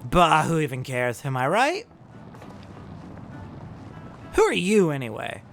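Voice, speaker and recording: A man's voice: fairly high pitch, wildly swooping pitch, takes it slowly, creaky, a bit bright, soft background music, full character voice. A man voicing a drunk, rowdy male sailor who rambles in a slurred pirate-style dialect. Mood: drunken rambling.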